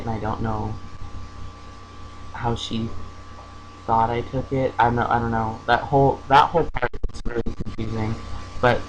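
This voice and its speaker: A young man talks into his camera at home and tells a personal story in a hesitant way, full of fillers and restarts. His voice stays flat, with little rise and fall. A faint hum runs underneath. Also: mid-range voice, low-quality recording. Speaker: vlogger.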